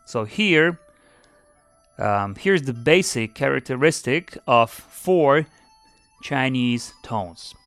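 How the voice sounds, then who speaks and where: A man hosting a podcast lesson, speaking deliberately and demonstrating sounds by repeating syllables. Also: mid-range voice, lively intonation, a bit bright, no room sound, soft background music. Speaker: language teacher and podcast host.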